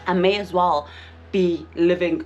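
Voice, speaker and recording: A young South African woman chats candidly to her camera with a slightly low-pitched voice. She speaks frankly and doubles back on phrases to drive her points home. Faint music hums in the background. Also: steady tone, a little slow, a little mellow, muffled recording. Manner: frank and chatty, repeats phrases for emphasis. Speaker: vlogger. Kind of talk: casual candid vlog talk to camera.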